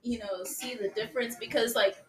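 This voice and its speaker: A woman's voice: on the high side, fairly even intonation, a little fast, fairly bright tone. A woman talking as a podcast guest, rambling with lots of fillers. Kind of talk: casual chat. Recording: echoey room.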